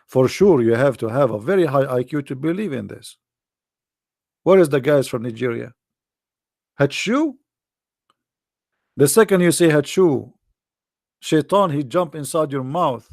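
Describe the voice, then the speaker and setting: Gravelly, sarcastic man with a dry close sound. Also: on the high side, darkish tone, no echo. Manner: sarcastic, sing-song mockery with slow drawn-out quoting. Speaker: commentator. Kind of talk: mocking religious commentary.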